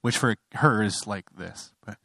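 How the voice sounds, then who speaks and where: A man's voice: a little slow, creaky, bright, forceful tone, no echo. Young guy pastor preaching, chatty then fired up, dry close sound. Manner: conversational, building to impassioned high-pitched fervor; self-interrupting, apologetic asides. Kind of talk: sermon.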